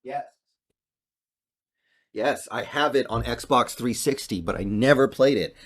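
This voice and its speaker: A young man with a mid-range voice offers casual tier-list commentary on his gaming YouTube channel at a measured pace. He thinks aloud in an offhand way while ranking games, with a slight cough and a voice crack.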